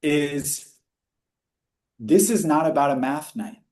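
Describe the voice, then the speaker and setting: A man presenting research findings in a webinar discussion, energetic and explanatory, rushing through quoted questions. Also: on the high side. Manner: energetic, speeds up when quoting questions; teaching, explanatory.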